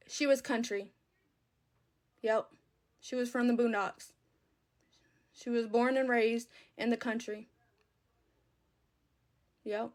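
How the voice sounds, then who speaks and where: A woman's voice: on the high side, steady tone, moderate pace, long pauses. Chatty woman on a phone livestream. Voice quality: casual, chatty Southern speech with fillers. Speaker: livestream host. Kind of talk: casual live stream chat.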